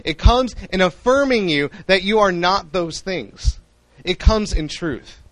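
A young man preaching a sermon in an animated way, acting out the voices he quotes. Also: sits high, measured pace, dry recording, poor audio.

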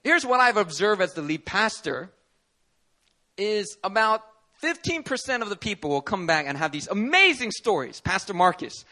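Man, pastor, sermon, lively storytelling, bright edgy tone, slightly high voice. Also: normal speed. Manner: animated storytelling, acts out quoted people. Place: church service.

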